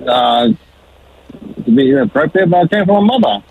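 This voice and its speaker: Australian trucker calling in on a tinny phone line. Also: male voice, fairly high pitch, animated, gravelly, breathy edge. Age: 40s. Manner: halting, many fillers, joking. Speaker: caller, truck driver. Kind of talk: talkback call.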